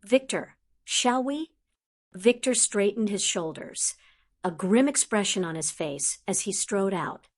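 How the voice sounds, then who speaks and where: A woman's voice: mid-range voice, measured pace. Woman reading a fantasy audiobook. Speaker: audiobook narrator. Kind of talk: fanfiction audiobook narration.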